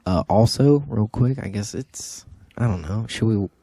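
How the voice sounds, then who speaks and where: Podcast co-host, man from Ohio, low voice, casual joker. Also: a little slow, dark tone, husky, no room sound. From Dayton, Ohio. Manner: jokey, loose, hype-man announcing.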